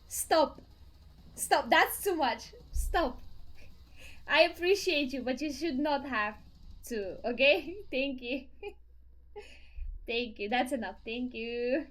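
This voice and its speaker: Slow, high, giggly woman streamer. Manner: giggly, effusive, thanking viewers. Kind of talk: live game stream chat. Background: faint game music.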